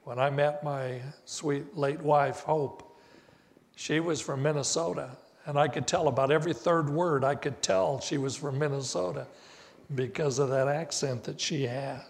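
An older man preaching a sermon as pastor, slow and deliberate with emphatic rises on key words. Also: fairly high pitch, steady tone, vocal fry. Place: church sanctuary. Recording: reverberant church hall.

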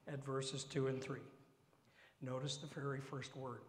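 A man preaching a sermon, with dramatic drops into whispered asides and slow emphatic phrasing. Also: fairly high pitch, expressive. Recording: echoey hall.

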